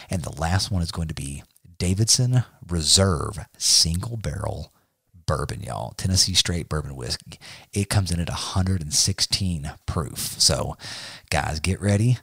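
A man's voice: extremely low pitch, a little slow, creaky, fairly bright tone, slightly rough, no room sound, clean studio sound. A man hosting a casual podcast, drawling and saying y'all. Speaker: podcast host.

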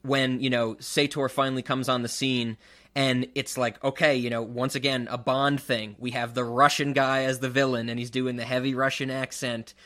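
Bright-voiced laughing male podcast co-host. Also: medium pitch, level tone. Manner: agreeable, laughs often, halting restarts. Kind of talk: casual film review chat.

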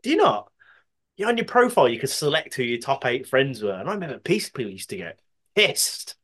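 A man's voice: mid-range voice, big pitch swings, fairly quick, a bit bright. Man with a very swooping voice. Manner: laughs often, swears freely. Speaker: podcast co-host. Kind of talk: casual comedic chat.

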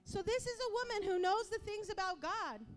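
A woman preaching a sermon with passion, acting out quoted voices and rising to yelling at times. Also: very high voice, expressive, normal speed, soft background music.

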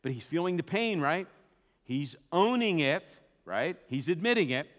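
A man preaching a sermon as a pastor, in a conversational, animated way with asides. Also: on the high side, normal speed, in a large hall. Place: church sanctuary.

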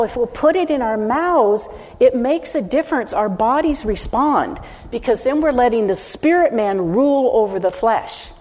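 A woman's voice: on the high side, expressive, moderate pace, a little mellow. An older woman teaching a sermon, earnest and emphatic, speaking straight to her listeners. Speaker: preacher. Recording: long hall reverb.

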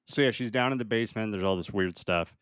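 A man's voice: on the low side, fast, fairly bright tone, clear, resonant tone, no echo, clean studio sound. A man co-hosting a podcast, casually recapping a movie scene by scene and laughing often. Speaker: podcast co-host. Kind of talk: casual chat.

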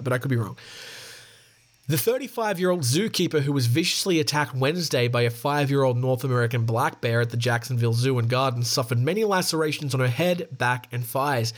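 A man in a middle-pitched voice reads news stories aloud for a podcast, tripping over words and correcting himself as he goes. He breaks off into loose, chatty remarks between passages. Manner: stumbles and restarts while reading, chatty asides. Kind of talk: reading news articles aloud with casual commentary.

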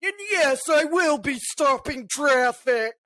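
A woman's voice: sits high, slow, bright, forceful tone, dry recording, heavily acted. A woman voicing a self-important female driver who talks in a haughty, whiny and demanding way.

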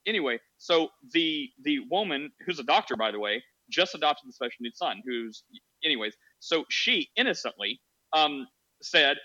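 A man's voice: a little high, animated, moderate pace, sharp tone, muffled recording. A man hosting a podcast, joking around and telling a rambling story in casual chat. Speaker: podcast host.

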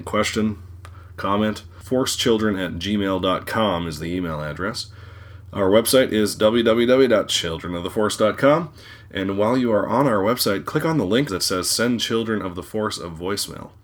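A man with a sick, congested voice signing off his podcast as host, talking in an earnest, rambling way. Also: low-pitched. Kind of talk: casual podcast sign-off.

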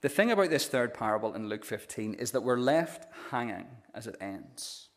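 A man's voice: mid-range voice, expressive, normal speed. A male pastor delivering a sermon earnestly, retelling a parable and often repeating first sounds as he starts phrases. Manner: earnest, storytelling, frequent stammered restarts.

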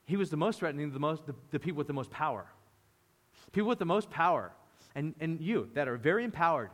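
A man's voice: on the high side, fast talker. Man preaching in an echoey hall. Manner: animated, acts out voices of disciples. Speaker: pastor. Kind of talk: sermon. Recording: reverberant hall.

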